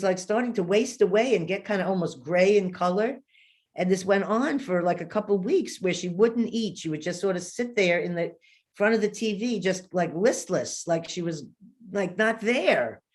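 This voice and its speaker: A woman in her fifties, a guest in an interview, telling a long personal story in an animated way and acting out the voices she quotes. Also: fairly low pitch.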